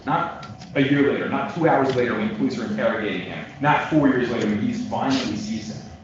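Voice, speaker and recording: A male defense attorney makes his closing argument in a large courtroom, pressing his points with loud stresses and dropping into quiet asides. He sounds far from the microphone, with heavy room echo. The recording is dull and lo-fi, with steady background noise. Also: medium pitch, fast talker. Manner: emphatic, repeats points for the jury, swings between loud stresses and quiet asides. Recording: distant, echoey courtroom audio, dull lo-fi with noise.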